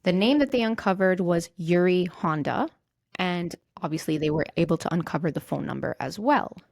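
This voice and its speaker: A woman's voice: lowish voice, lively intonation, moderate pace, vocal fry, darkish tone, no echo, studio quality. A woman hosting a podcast, narrating a true-crime case from a script, with small slips and restarts as she reads. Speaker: podcast host. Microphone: own mic on a remote call.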